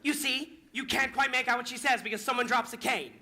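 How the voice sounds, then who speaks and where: Teen guy playing a lonely show-tune fan, rambly and confiding, super bright high voice. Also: fairly quick, heavily acted. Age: young adult. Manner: confiding, rambling, bitter asides. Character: wistful lonely male theatre fan narrating. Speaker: Man in Chair, narrator. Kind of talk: high school musical stage acting.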